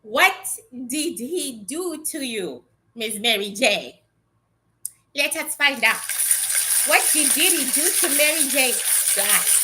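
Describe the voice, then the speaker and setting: A woman's voice: high-pitched, animated, slow, long pauses, background noise. A woman giving a casual, blunt psychic reading to her viewers, chatty and swearing freely. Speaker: psychic reader.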